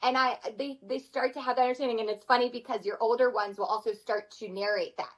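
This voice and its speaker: A woman in her thirties, a mother of four, speaking as a podcast guest in an earnest, animated way. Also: a little high, quick pace, rough recording. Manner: earnest, animated, acts out her kids' voices. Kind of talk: conversational interview.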